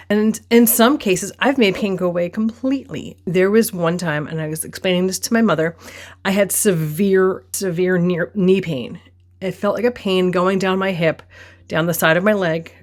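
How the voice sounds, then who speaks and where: A woman telling a personal story on her vlog from her desk, expressive and acting out her own reactions. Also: fairly low pitch. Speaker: vlogger.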